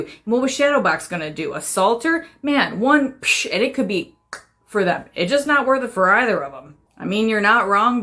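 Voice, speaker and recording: Wry woman commentator, quick and lively. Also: a little high. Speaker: comedy sketch creator. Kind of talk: casual commentary.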